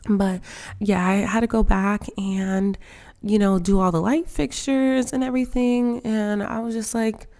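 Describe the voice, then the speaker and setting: Chatty young woman with a gravelly voice. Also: medium pitch, fairly even intonation, measured pace, dark tone. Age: 20s. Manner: chatty, self-conscious, filler-heavy with lots of "like". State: emotional, near tears. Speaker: Sims gaming vlogger. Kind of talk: casual voice-over commentary on a game build.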